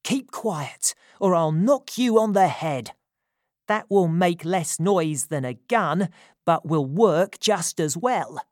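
A reader voicing a brash, loud adult male burglar in a storybook reading, with a raised, excited delivery. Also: mid-range voice, takes it slowly, no room sound, clean studio sound, pitched above the performer's own voice. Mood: threatening.

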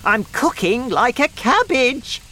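A woman voicing a cranky old grandmother in a storybook reading, shouting and complaining. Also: a little high, big pitch swings, slow pace, slight background noise, pitched above the performer's own voice, heavily acted.

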